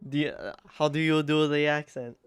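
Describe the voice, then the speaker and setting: A man's voice: on the high side, bright, forceful tone, smooth. A male streamer chatting casually and giggling often while playing a game. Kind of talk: casual gaming stream chat.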